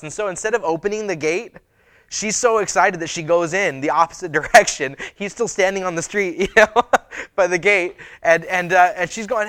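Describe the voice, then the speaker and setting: Pastor, male, sermon delivery; somewhat high voice, dry close sound, reads then retells with fillers. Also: animated, normal speed, bright, forceful tone, dry recording.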